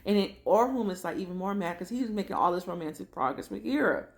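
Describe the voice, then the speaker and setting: A woman's voice: medium pitch, animated, fast talker, creaky. A woman chatting through a casual, slangy recap of a TV drama episode. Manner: chatty slangy storytelling, acts out characters.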